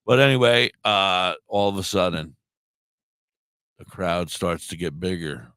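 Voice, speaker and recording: Deep-voiced man with a sore throat on a talk radio show, telling a story with swearing and acted-out dialogue. Clear, dry sound. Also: measured pace, dry recording. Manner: animated, acts out quoted dialogue, swears freely. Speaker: puppeteer and live streamer.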